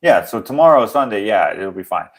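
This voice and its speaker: A young man with a fairly low voice hosts a casual livestream chat. He rambles from joke to joke and reads viewer comments aloud in a relaxed, easygoing way. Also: fairly quick. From Canada. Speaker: livestream host.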